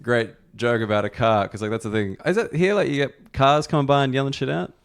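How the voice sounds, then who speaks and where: Young aussie podcast host, gravelly voice, swears a lot, laughs thru his stories. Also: medium pitch, fairly even intonation, brisk. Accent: Australian. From Australia. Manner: sweary, laughing, loose anecdotal. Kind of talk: casual podcast chat.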